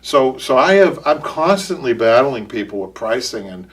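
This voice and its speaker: A man's voice: medium pitch, sing-song, normal speed, slightly rough, far from the mic. A man with a Boston accent hosting a live upholstery show, talking casually and rambling with repeated words and restarts. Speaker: upholstery shop owner and show host. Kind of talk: casual live-stream chat.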